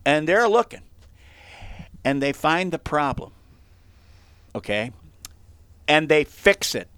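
A man telling a story in casual chat as a host, animated and acting out the quotes, with frequent laughs. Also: fairly high pitch, slow pace, smooth, no room sound.

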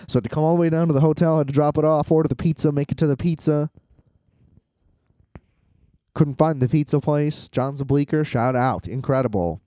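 A man's voice: a little high, brisk, long pauses, dark tone, no room sound, studio quality. A man ranting casually about travel hassles, exasperated and profane, laughing often as he talks.

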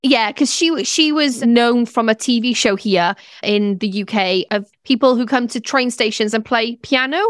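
A woman co-hosting a podcast, chatting in a gushing, excitable way. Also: a little high, normal speed, hardly any pauses, no room sound, studio quality. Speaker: podcast co-host. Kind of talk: casual chat.

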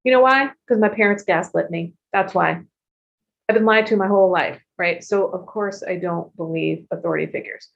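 Woman in her 50s, gravelly voice, talking frank and open about recovery, dull lo-fi sound. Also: fairly low pitch. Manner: frank and expressive, swears casually, quick asides. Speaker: recovery program member sharing her story. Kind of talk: candid personal testimony. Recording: dull lo-fi recording.

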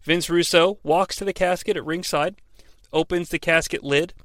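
A man's voice: fairly high pitch, fairly even intonation, moderate pace, fairly bright tone, no room sound. A man hosting a comedic recap, sarcastic and profane, dropping into exaggerated voices for quotes. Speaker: podcast host recapping wrestling.

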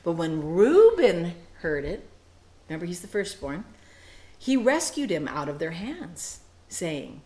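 A woman teaching a Bible study, animated and playful, acting out quoted lines with quick asides. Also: fairly low pitch, reverberant.

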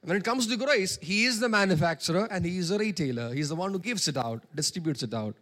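A man's voice: high voice, expressive, fast talker, fairly bright tone. A man preaching a sermon, calling for congregation responses and drawing out key words.

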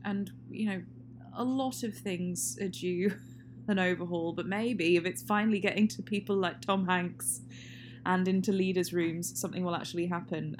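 A woman's voice: on the low side, steady tone, moderate pace. A woman co-hosting a casual film chat, rambling and laughing often. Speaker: podcast co-host. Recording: faint hum and noise.

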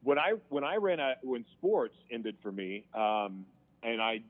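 A man telling his own story as an interview guest, frank and emotional, halting and restarting as he speaks. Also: mid-range voice, sing-song. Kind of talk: candid personal storytelling. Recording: tinny phone-line sound.

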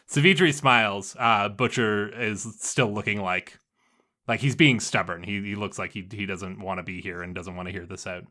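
Bright-voiced man running a tabletop game. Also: on the low side, steady tone, moderate pace. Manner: hesitant fillers, casual narration. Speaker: game master.

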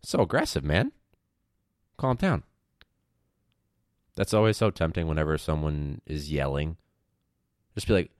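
Low-voiced man rambling casually on a podcast. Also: lively intonation, unhurried, long pauses, dry recording, studio quality. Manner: rambling, wry, casual with slang and swearing. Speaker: teacher and podcast host. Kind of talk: casual solo podcast chat.

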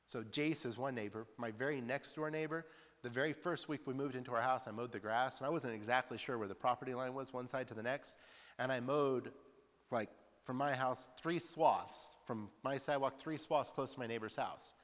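A male preacher with a mid-range, fairly bright voice gives a sermon at a moderate pace, chatty and storytelling, weaving in personal stories. He laughs often and tosses in "like" asides, recorded in a church hall with long reverb.

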